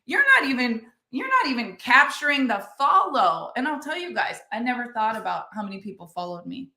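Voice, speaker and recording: Intense, emphatic woman, bright voice. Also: medium pitch, echoey room. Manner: intense, emphatic, talks straight to listeners. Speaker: podcast host. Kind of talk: personal storytelling to listeners.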